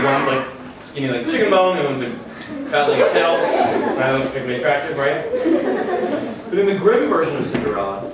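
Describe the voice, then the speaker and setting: A man telling a fairy tale to a young audience, playful and full of asides that pull the listeners in. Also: fairly high pitch. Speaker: children's author reading aloud. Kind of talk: animated storytelling to kids. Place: event room with young audience. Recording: echoey room, distant mic, noisy.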